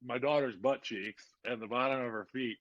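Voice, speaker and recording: A man in his thirties, a podcast guest, telling a personal story in a casual, animated way with lots of fillers. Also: mid-range voice, moderate pace, no room sound. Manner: animated, lots of "like" and "you know". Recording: dull lo-fi podcast audio.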